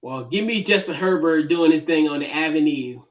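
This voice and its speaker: A man with a noticeably high voice hosts a laid-back sports talk show. He talks casually with plenty of fillers and moves steadily from one game pick to the next. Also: moderate pace, far from the mic. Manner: relaxed, lots of fillers, runs through game picks. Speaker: podcast host.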